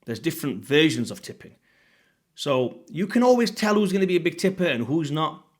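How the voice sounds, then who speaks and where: A man in his late thirties from the UK, talking casually to camera as a fitness coach, blunt and sweary with lively swings in pitch and loudness. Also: a little fast. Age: 30s.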